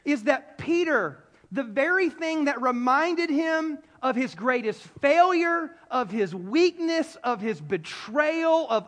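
High-voiced preacher in a reverberant hall. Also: male voice, slow, hardly any pauses. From South Carolina. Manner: animated storytelling, acts out voices, playful asides. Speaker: pastor. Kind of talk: sermon. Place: large hall before an audience.

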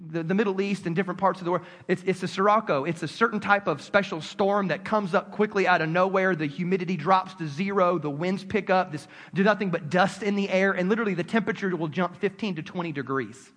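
Bright-voiced animated male preacher. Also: sits high, fast, few pauses. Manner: animated, calls on the congregation to respond. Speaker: pastor. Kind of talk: sermon. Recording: long hall reverb.

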